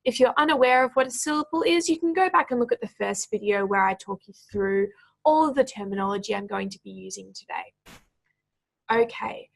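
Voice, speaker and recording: A woman tutoring for a speaking exam, who slows down to stretch out words syllable by syllable when she models their pronunciation. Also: on the high side, gravelly.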